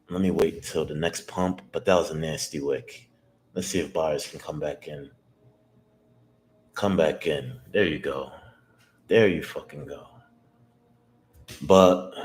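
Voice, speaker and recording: A young man in his twenties livestyle-narrating his day trades to himself, slangy and full of swearing, repeating lines and jumping into high excited yelps. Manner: excitable, swears constantly, bursts into high hyped shouts. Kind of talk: live trading vlog, talking to himself.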